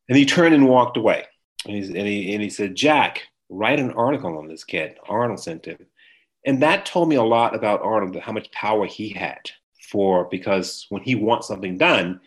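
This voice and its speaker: Male guest, 60s, low voice, animated interview storyteller. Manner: emotional, animated storyteller who acts out quotes. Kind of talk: recounting his life story in an interview.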